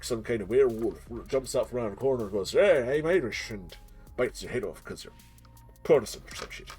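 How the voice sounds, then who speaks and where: A man's voice: medium pitch, a little mellow, husky. A man streaming as game master, chatting casually before the session, rambling and self-mocking, joking and swearing freely.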